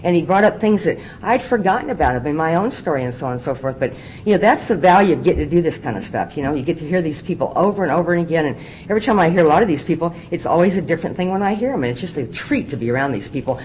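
A woman's voice: low-pitched, expressive, racing, a little mellow, slight background noise, rough recording. A middle-aged woman speaking from a podium at a recovery meeting, telling her story candidly and often repeating words as she restarts. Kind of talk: personal testimony talk.

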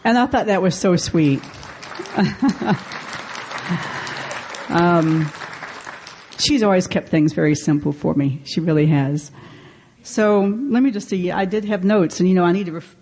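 A woman's voice: fairly low pitch, a little slow, pauses often, darkish tone, breathy edge, a faint crowd. A woman speaking at a convention, sharing her story in a candid, self-deprecating way with frequent laughs. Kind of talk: personal recovery talk. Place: convention meeting room.

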